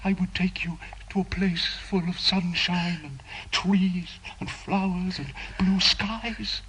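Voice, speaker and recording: A tormented, obsessive priest in a radio drama, his anguished pleas drawn out slowly. He swings from hushed longing to outbursts, in a somewhat raised voice. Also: on the high side, expressive, slight background noise, low-quality recording. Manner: anguished, pleading, veering from hushed to shouting. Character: tormented obsessive male priest, middle-aged.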